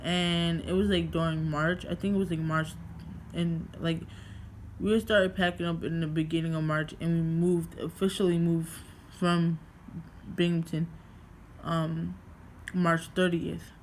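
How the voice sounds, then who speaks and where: A woman's voice: fairly low pitch, flat delivery, measured pace. Young woman, casual storytime vlog, rambling, lots of fillers, swearing, faint background hiss. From New York. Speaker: vlogger.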